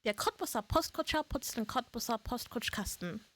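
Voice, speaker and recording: A woman's voice: on the high side, animated, moderate pace, fairly bright tone, dry recording. A woman streamer chatting casually on a live stream, swearing freely and laughing at her own slips.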